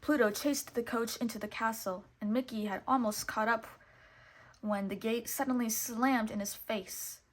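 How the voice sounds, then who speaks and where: Woman with a higher voice reading aloud. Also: moderate pace. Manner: expressive, lively voices for characters. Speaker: storybook reader. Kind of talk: reading a picture book aloud.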